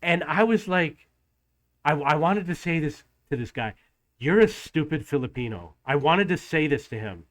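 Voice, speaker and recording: Guy with a kinda high voice ranting in a vlog, fed up, acting out dialogue. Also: moderate pace. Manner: exasperated, animated storytelling with acted-out dialogue. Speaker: travel vlogger. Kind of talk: casual ranting story.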